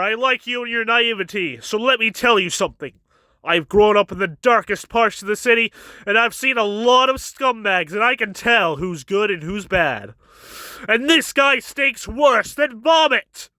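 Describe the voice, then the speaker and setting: A blunt, streetwise tough from the slums calls out a villain in a brash, confrontational way, as a man reads him. The voice sits high and sounds bright. It is recorded dry and close. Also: no room sound.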